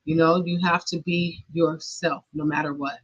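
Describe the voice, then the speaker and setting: With a deep, breathy-edged voice and flat delivery at normal speed, a middle-aged podcast host recounts a personal story. She's earnest and emotional despite the flatness, with nervous laughs, on a dull lo-fi recording.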